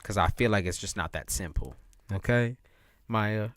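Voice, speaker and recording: A man's voice: on the low side, moderate pace, a bit bright, no echo. A man giving casual, slangy tarot readings on a live stream, laughing often and repeating his points. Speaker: tarot reader.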